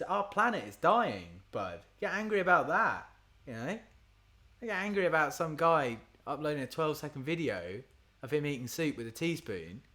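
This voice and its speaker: Lively, rambling man. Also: a little high. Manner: rambling, chatty, lots of fillers. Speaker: singer-songwriter streaming to supporters. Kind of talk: casual livestream chat.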